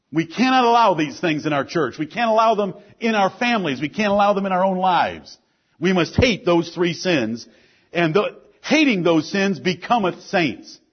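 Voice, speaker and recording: Husky-voiced preacher in a dull recording. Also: male voice. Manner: preaching with rising emphasis, then dropping to a low, quiet delivery. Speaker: pastor. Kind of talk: sermon.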